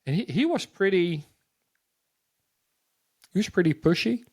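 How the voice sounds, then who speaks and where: A man sharing a personal testimony as a guest, halting and repeating words as he tells his story. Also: sits high, lively intonation, a little mellow, breathy edge, dry recording.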